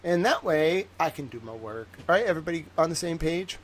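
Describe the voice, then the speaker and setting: A man's voice: a little high, a little fast, slight background noise, rough recording. A man, hosting a rambling livestream monologue with boastful, joking bursts. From Massachusetts. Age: 30s. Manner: animated, swings from muttering to excited bursts. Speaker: livestream host.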